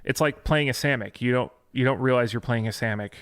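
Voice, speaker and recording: A man's voice: mid-range voice, fairly quick, a bit bright, clear, resonant tone, no echo, clean studio sound. A man co-hosting a podcast, chatting casually about gear news with lots of fillers and restarts. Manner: hesitant, many fillers and restarts. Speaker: podcast co-host.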